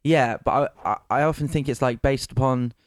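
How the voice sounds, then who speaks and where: A man's voice: medium pitch, normal speed, no room sound, studio quality. A man from England, chatting casually on a podcast, hesitant and searching for words.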